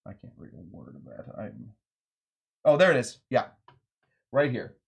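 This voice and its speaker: Rambling, jokey cocktail show host. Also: male voice, medium pitch, huge pitch swings, measured pace, creaky, breathy edge, dull audio. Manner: rambling, jokey, acts out voices in anecdotes. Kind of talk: casual storytelling lesson.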